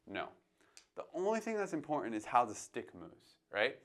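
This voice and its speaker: A man teaching jazz drumming, calmly coaching and counting beats aloud between demonstrations. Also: medium pitch, moderate pace. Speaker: drum teacher. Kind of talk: instructional demonstration. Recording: drums playing behind the voice. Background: drum playing between phrases.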